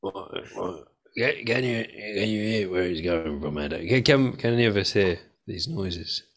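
A man playing a tabletop game, speaking in a rambling, halting way. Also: sits low, expressive. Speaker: player. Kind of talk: in-character tabletop play.

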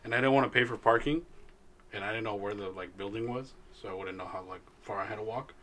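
Bright-voiced young man telling a story. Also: fairly low pitch, quick pace, slight background noise. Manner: laid-back storytelling, laughs often, swears casually. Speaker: podcast co-host. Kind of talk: casual chat.

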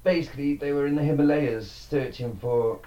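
A man's voice: on the high side, steady tone, normal speed, muffled recording, noisy background. A man co-hosting a casual podcast, rambling and swearing as he gets worked up. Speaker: podcast co-host. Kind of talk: casual chat.

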